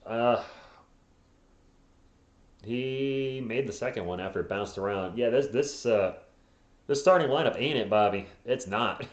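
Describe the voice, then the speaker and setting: A hoarse man hosting a live fan play-by-play stream, calling plays quickly and tossing in joking asides and replies to viewers. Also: mid-range voice, reverberant, highs cut off. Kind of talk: casual live play-by-play commentary.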